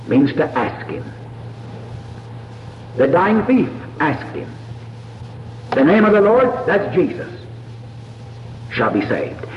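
A man preaching a sermon and giving an altar call, earnest and pleading, with slow deliberate phrasing. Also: sits high, slight background noise. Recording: dull lo-fi echoey hall from far off.

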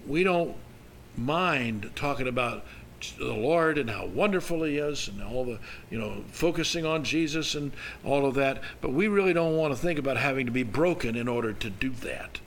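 A man's voice: mid-range voice, animated, moderate pace, a little hiss or hum, rough recording. Older man preaching a folksy sermon. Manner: folksy storytelling with emphatic rises. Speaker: pastor.

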